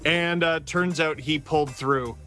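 A man's voice: fairly high pitch, steady tone, unhurried, sharp tone, faint music behind. A man on a sports panel, giving takes in casual chat with self-mocking, playful banter.

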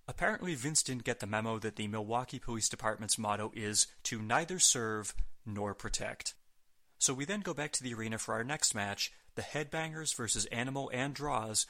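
A man's voice: fairly low pitch, pushed and bright. A man hosting a podcast, reading a scripted recap with wry, sarcastic asides. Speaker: podcast host. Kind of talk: scripted wrestling recap narration.

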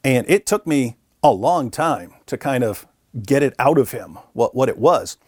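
A middle-aged man speaking with mid-range pitch, recorded close and dry with no room sound. He is a guest telling an anecdote in a conversational way and briefly puts on the voices of people he quotes. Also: a little slow, breathy edge, dry recording. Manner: animated, acts out quoted voices. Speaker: interview guest. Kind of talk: conversational storytelling.

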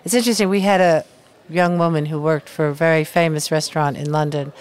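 A woman's voice: deep voice, fairly even intonation, fast, darkish tone, clear, resonant tone. A woman hosting an interview, drawing out her guest's stories and responding with frequent murmured agreement. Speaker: podcast host. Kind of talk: conversational interview.

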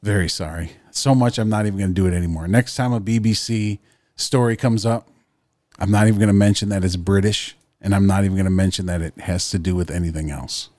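A man's voice: low voice, steady tone, quick pace, a little mellow, no echo, studio quality. A man co-hosting a podcast, joking and swearing in rambling casual chat. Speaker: podcast co-host.

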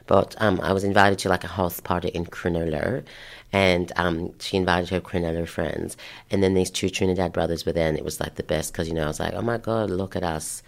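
A woman chatting as an interview guest, telling stories with lively acted-out voices. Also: a bass voice, fairly quick, creaky. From Australia, of Haitian parents. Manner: lively storyteller who acts out voices. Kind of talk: casual interview chat.

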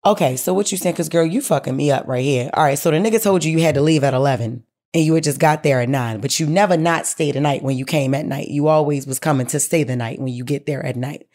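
This host reads out listener letters and then answers them bluntly, swearing often and leaning hard on the key points. The voice sits at an ordinary middle pitch. The host speaks to the listener directly, calling her baby girl. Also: quick pace, hardly any pauses, darkish tone. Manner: blunt, profane, emphatic. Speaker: advice show host. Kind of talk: reading a listener letter and giving advice.

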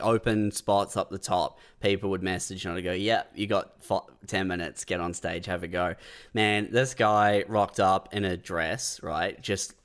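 A man co-hosting a comedy podcast, telling stories in a relaxed way with lots of stammered restarts. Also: fairly low pitch. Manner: stammering restarts, laid-back storytelling. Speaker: podcast co-host and stand-up comedian. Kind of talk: casual comedy podcast banter.

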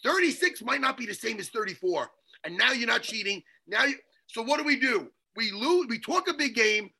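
Male sports co-host, high and bright, fiery theatrical ranter. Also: expressive, brisk, vocal fry, breathy edge. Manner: fiery, theatrical ranting with bursts of shouting. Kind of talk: heated sports talk.

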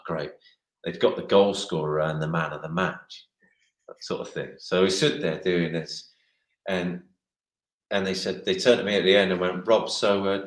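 Rambling man in an echoey room. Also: low-pitched. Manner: rambling, restarts, acts out others' lines. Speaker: former goalkeeper, guest. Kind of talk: casual anecdote-telling. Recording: roomy echo.

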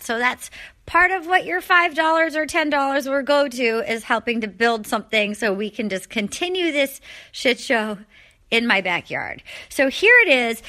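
A woman hosting a podcast in casual chat, rambling and quick to laugh. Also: on the high side, sharp tone. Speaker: podcast host.

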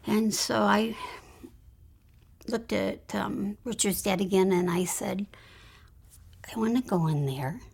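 A woman guest in an interview, earnestly recounting a personal spiritual experience and often dropping into a hushed whisper. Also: mid-range voice, slow pace, gravelly, long pauses, breathy edge. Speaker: guest telling her near-death story.

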